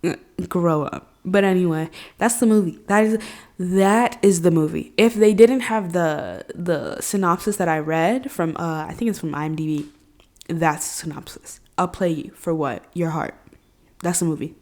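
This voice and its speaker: A woman hosting her own podcast, talking casually and animatedly, full of slang with big jumps in pitch and loudness. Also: normal speed. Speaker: podcast host. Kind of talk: casual solo podcast talk.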